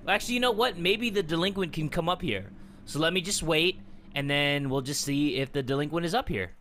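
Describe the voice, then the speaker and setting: A man giving excitable let's-play commentary, swearing often and breaking into shouts and laughter. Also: fairly high pitch, fairly quick, slight background noise. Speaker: gaming YouTuber.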